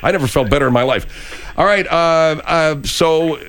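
A man's voice: on the high side, normal speed, a bit bright. A male radio host grilling a guest with exasperated, probing questions during a comedy bit.

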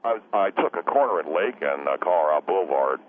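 A man plays a forgetful young adult caller who rambles, keeps apologising, and loses his train of thought. His low-pitched voice is brisk with lively intonation, heard over a tinny phone line with faint noise.

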